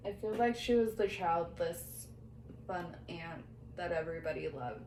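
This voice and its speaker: A woman's voice: fairly low pitch, animated, a little slow, a little mellow. A woman working as a medium who relays what a spirit tells her during a reading, quoting the spirit and breaking into laughter now and then. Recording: echoey room, faint background noise.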